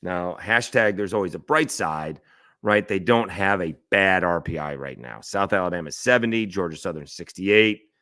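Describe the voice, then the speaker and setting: Deep-voiced male sports talk host, opinionated, musing over stats mid-sentence, lots of uhs and restarts. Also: moderate pace, fairly bright tone, dry recording, studio quality. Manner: thinking aloud, checking stats mid-sentence, many fillers and restarts; opinionated, rhetorical questions. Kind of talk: solo sports talk commentary.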